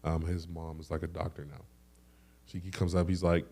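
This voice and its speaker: Low-voiced man telling animated stories. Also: fairly quick, vocal fry. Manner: animated storyteller with sound effects. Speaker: podcast co-host. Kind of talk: casual podcast chat.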